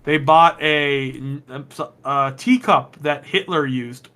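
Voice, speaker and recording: A man's voice: fairly high pitch, slow pace, bright, forceful tone. A man from Texas co-hosting a podcast, chatting casually, swearing often and laughing a lot. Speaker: podcast co-host. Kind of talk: casual chat.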